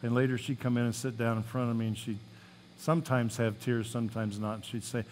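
With a level, slightly mellow medium-pitched voice and a fairly quick delivery, a male pastor gives a sermon. Scripture readings swell in emphasis before he drops into plain speech and homespun story asides.

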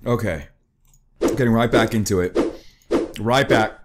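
A man's voice: fairly low pitch, a little slow, heavy background noise. A young man giving joking gaming commentary while eating wasabi, groaning and yelping, his voice strained from the spice. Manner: excitable, joking, yelps and groans from spicy food. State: eyes watering, voice strained from wasabi. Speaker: gaming YouTuber.

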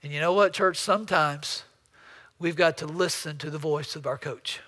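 A man's voice: on the high side, moderate pace, pushed and bright, in a large hall. A man preaching a storytelling sermon as pastor, often repeating words as he builds up a story. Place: church sanctuary.

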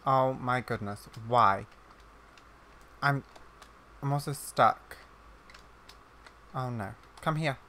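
Bright-voiced flustered gaming commentator. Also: male voice, medium pitch, takes it slowly, long pauses, slight background noise. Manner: chatty, flustered, exclaims repeatedly at the game. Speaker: gaming YouTuber. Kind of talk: casual let's-play commentary.

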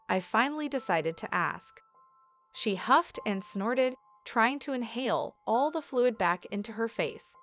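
A woman's voice: a little high, animated, a little slow, a bit bright, faint music behind. A woman reading a horror story aloud as scripted narration, lightly voicing the quoted lines.

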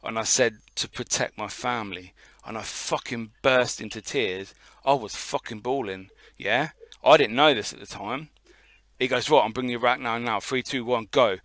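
A man's voice: medium pitch, moderate pace, a bit bright, no room sound. A man co-hosting a casual podcast, telling a long story in a rambling way and swearing often. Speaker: podcast co-host.

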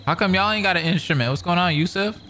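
A man giving excitable, slangy let's-play commentary over a video game, laughing often. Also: sits high, fast. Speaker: gaming commentator.

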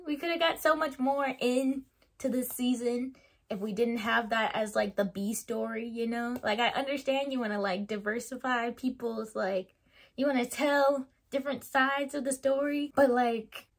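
A woman giving her opinions in a casual vlog, chatty and animated, laughing often and filling her talk with "like". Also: a little high, normal speed. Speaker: YouTuber reviewing a TV show.

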